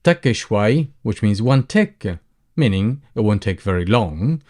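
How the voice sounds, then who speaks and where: Male language tutor, fairly low voice, patient and repetitive delivery. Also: lively intonation, a little mellow. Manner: slow, deliberate repetition of phrases. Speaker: language teacher. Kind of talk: teaching a language lesson.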